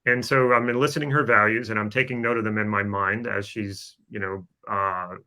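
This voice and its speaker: A man's voice: lowish voice, fairly even intonation, normal speed, pushed and bright. A man co-hosting a podcast, explaining with a coaching tone and frequent fillers. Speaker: podcast co-host. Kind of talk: casual podcast chat.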